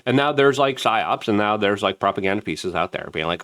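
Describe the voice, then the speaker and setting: Excitable man ranting to camera. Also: on the low side. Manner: excitable, emphatic ranting with rapid repetition; mimics other people in raised, mocking voices. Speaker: online news show host. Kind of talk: opinion commentary to camera. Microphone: camera-mounted.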